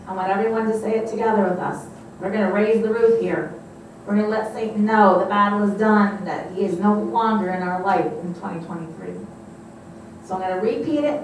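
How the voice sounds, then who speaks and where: A woman's voice: mid-range voice, a little fast, slight background noise. A woman leading a congregation in a fervent declaration and prayer, rousing them to repeat after her. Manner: fervent, rousing, call-and-response. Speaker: prayer leader. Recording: echoey room from far off.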